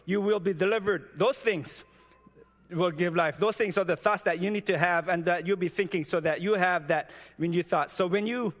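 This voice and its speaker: A man gives a sermon built around a personal testimony, his voice sitting somewhat high for a man. He talks haltingly, often doubling back on words before driving his point home with earnest encouragement. The sound rings with the long reverb of a large church hall. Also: fairly bright tone. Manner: halting, frequent restarts and repeated words; earnest and exhortative. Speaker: preacher sharing testimony.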